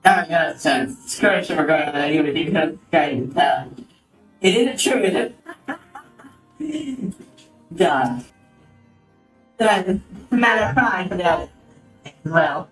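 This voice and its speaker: A man's voice: a little high, animated, slow, pauses often, fairly bright tone. A man streaming a game, commenting casually in a rambling, swearing way that keeps cutting itself off. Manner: rambling, swearing, self-interrupting. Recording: roomy, distant mic, faint music.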